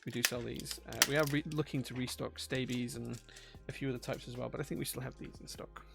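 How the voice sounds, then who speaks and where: A man's voice: mid-range voice, steady tone, fast, gravelly, fairly bright tone, faint music behind. A man, chatting casually on a live stream while he builds a keyboard. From England. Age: 40s. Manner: chatty, self-deprecating, reads chat aloud.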